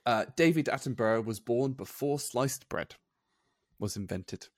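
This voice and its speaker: A man's voice: mid-range voice, lively intonation, unhurried, no room sound. Guy on a podcast rattling off fun facts, dry close mic. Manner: reads out fun facts, chatty. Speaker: podcast co-host. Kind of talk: casual podcast chat.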